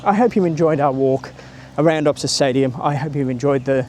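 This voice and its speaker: A man's voice: a little high, brisk, a little mellow, a little hiss or hum. A man giving a chatty, rambling walking-tour vlog outdoors by a stadium, filming on a handheld camera or phone and greeting passers-by. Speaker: travel vlogger.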